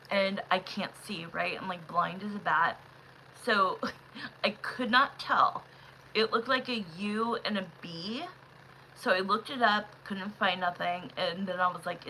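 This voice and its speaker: This woman runs a live tarot stream from home and talks in an unhurried, gushing way, calling her viewers love, honey and sweetheart. Her voice is bright and forward, and it now and then leaps into loud, excited bursts. Faint noise sits under her voice. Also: mid-range voice, low-quality recording. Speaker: livestream tarot reader.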